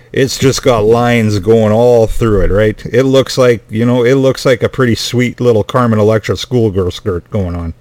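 A man's voice: on the low side, darkish tone, dry recording. A middle-aged man telling a family story in a rambling, casual way, swearing often and sounding exasperated.

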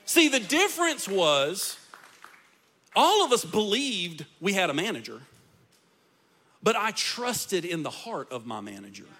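A man preaching to his congregation as their pastor. His voice sits high and rings bright, and he builds each point with rising intensity. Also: big pitch swings, a little slow, pauses often, slightly rough. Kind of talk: sermon.

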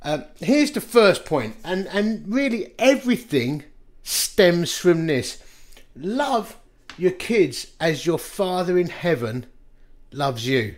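A man in his fifties preaching a quick-fire sermon as a pastor, telling self-deprecating stories and chuckling along the way. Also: high voice, big pitch swings.

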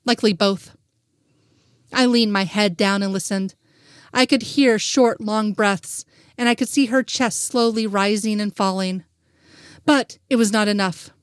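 A woman's voice: mid-range voice, a little slow, clear, resonant tone, no room sound. Woman narrating a fanfic, dry sound. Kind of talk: first-person audiobook narration.

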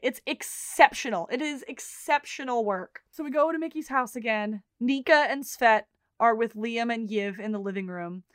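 A woman's voice: a little high, clear, resonant tone, no echo, clean studio sound. A woman co-hosting a podcast, casually recapping TV scenes and acting out the characters' lines, with some swearing. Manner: retells scenes with quoted dialogue, swears casually. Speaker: podcast co-host.

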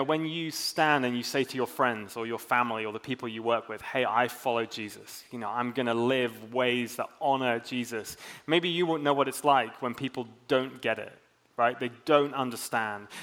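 A man's voice: medium pitch, fairly bright tone. A man preaching a sermon in a casual, chatty way, with self-mocking humor. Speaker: pastor.

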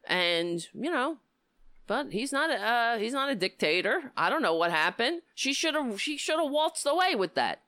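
A woman hosting a political talk show, giving impassioned, indignant commentary with a hoarse voice. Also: a little high, very animated, normal speed, no room sound. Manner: impassioned, indignant, rising to near-shouting.

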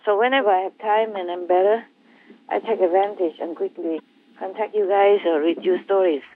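A woman speaking as a spiritual teacher, talking gently and in a rambling way with hesitations. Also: medium pitch, fairly even intonation, moderate pace, dry recording. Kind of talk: casual talk over a phone line. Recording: tinny phone line, dry.

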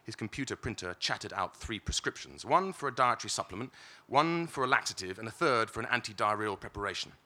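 Low, bright-voiced British male reader. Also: animated. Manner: wry, measured, first-person narration with occasional stumbles. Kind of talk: reading literary fiction aloud.

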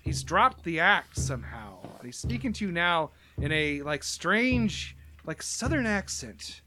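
Game master, tabletop narration, animated, rambling fillers, music playing behind. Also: medium pitch, measured pace, few pauses. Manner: animated, lots of filler, laughs a lot. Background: background music.

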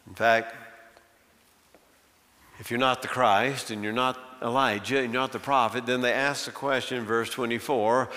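A man's voice: mid-range voice, animated, normal speed, sharp tone. A male pastor preaching a sermon, dramatizing the questions with shifting voices. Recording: long reverb of a large hall.

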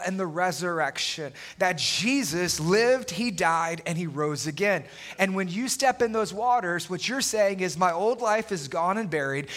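Upbeat male pastor, higher register, bright and engaging, jokes with the congregation. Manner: lively, animated, playful asides to the congregation. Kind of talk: sermon. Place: church sanctuary with congregation. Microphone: wireless body mic.

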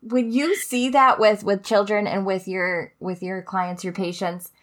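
A woman's voice: medium pitch, steady tone, measured pace. A nasal-voiced woman hosting a podcast interview, bubbly and enthusiastic in casual chat. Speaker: podcast host.

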